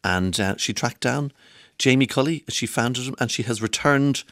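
A man's voice: medium pitch, normal speed, fairly bright tone, no room sound, clean studio sound. A man presenting the newspapers on the radio, chatty and digressive, with frequent restarts and asides. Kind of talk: casual radio chat.

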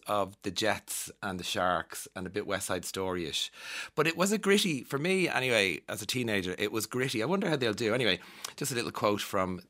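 A man's voice: mid-range voice, sharp tone. An Irish man hosting a chatty radio news round-up, self-mocking and laughing while reading out stories. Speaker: radio host.

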